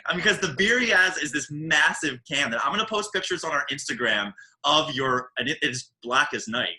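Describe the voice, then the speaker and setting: A man with a New York accent hosting a podcast in casual, animated, joking chat. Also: a little high, brisk, rough recording. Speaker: podcast host.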